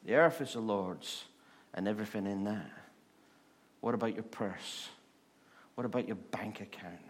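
Man preaching in slow rhetorical questions. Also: lowish voice. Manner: repeats rhetorical questions, slowing for emphasis. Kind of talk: sermon.

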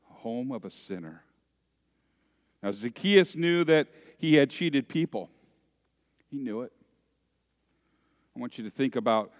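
Slow-preaching man in a reverberant church. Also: medium pitch. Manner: slow, dramatic storytelling that swings from loud to hushed. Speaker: pastor. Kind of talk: sermon. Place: church sanctuary. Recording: long reverb of a church hall.

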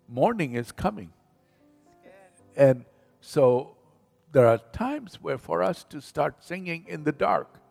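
A man preaching a sermon as pastor, slow and emphatic, leading the congregation in call-and-response and rising in volume on scripture. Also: medium pitch, creaky, darkish tone. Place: church sanctuary. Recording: reverberant hall with faint music.

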